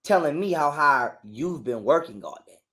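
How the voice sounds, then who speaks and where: A man's voice: fairly high pitch, animated, fairly bright tone. A man, a guest on a call, telling a heated personal story in street slang and swearing a lot. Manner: heated, profane, talks fast in street slang.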